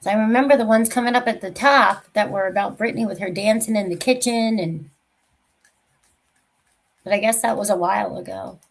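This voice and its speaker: A woman's voice: mid-range voice, a little fast, gravelly, slight background noise, rough recording. A woman hosting a casual true crime livestream, talking in a rambling, confiding way that trails off mid-sentence.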